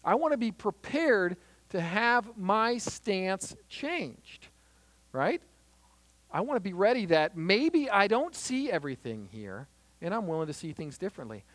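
A man's voice: high voice, unhurried, dry recording. A man giving an earnest, conversational Christian teaching on conflict in marriage, mixing advice with personal stories. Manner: earnest and lively, acts out little scenes.

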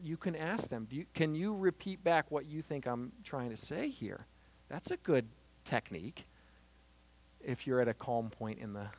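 A man's voice: sits high, dry recording. A man giving an earnest, conversational Christian teaching on conflict in marriage, mixing advice with personal stories. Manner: earnest and lively, acts out little scenes.

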